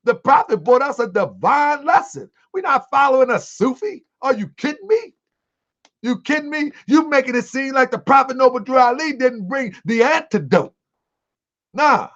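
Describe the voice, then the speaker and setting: A man hosting an online livestream, commenting to his viewers in a preachy, animated way. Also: extremely high pitch. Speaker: host of an online show. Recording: dull lo-fi sound.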